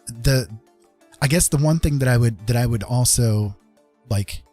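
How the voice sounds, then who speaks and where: A man hosting a casual live-stream chat, earnest and reassuring, talking haltingly with many fillers and restarts. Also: medium pitch, mellow, soft background music. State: getting a little emotional.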